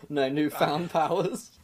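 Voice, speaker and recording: A man playing a tabletop game, quickly describing his character's actions with many fillers. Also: a little high, noisy background. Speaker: player. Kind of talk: casual tabletop play.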